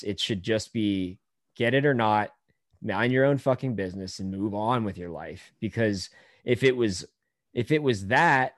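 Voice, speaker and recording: A lower-voiced man hosting a casual podcast, ranting and joking with plenty of profanity. The sound is dry and close, with no room around it. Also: dry recording. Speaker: podcast host. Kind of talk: crude casual podcast chat.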